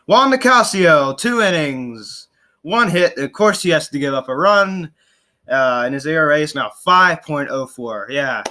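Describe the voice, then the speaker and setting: A young man hosting a casual sports podcast, talking in an animated, frustrated way with sarcastic asides and lots of fillers and restarts. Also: a little high. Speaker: podcast host.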